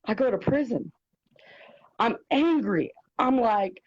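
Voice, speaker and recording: A woman's voice: a little high, animated, slow, long pauses, a little mellow, husky. A woman as an interview guest, giving an earnest, heartfelt personal testimony with repeated phrases. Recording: dull lo-fi sound.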